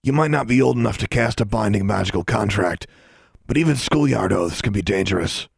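A man's voice: fairly low pitch, lively intonation, a little fast, gravelly, slightly rough, dry recording, clean studio sound, heavily acted. A man voicing a stern, folksy grown man who scolds students in an audiobook. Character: gruff stern grown man, school groundskeeper.

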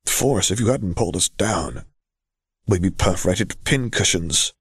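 Grim, tense young man, put on by a narrator, muttered and hissed, low voice, dry. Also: animated, moderate pace, slightly rough, no echo, full character voice. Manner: hissing, grim, whispering.

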